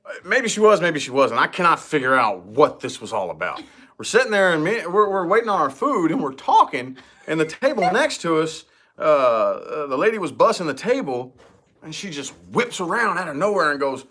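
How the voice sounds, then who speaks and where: A man's voice: fairly high pitch, big pitch swings, fairly quick, sharp tone. A man co-hosting a casual chat, laid-back and slangy, with plenty of swearing. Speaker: co-host.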